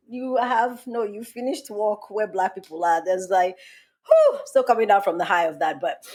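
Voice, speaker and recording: A young woman from Nigeria hosting a podcast, chatting casually and telling an animated story, laughing often. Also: mid-range voice, moderate pace, slightly rough, soft background music. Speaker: podcast host. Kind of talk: casual chat.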